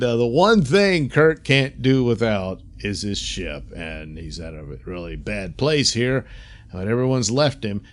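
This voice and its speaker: A man casually recapping and reviewing a TV episode, chatty, with frequent laughs and fillers. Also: medium pitch. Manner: chatty, laughs often, many fillers, quick voice impressions. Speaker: reviewer, host.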